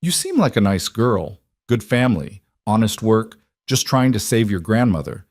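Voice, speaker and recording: A man voicing a cold, threatening mobster with a smooth, falsely friendly manner in an audiobook reading. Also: lowish voice, big pitch swings, moderate pace, no echo, studio quality. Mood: menacing.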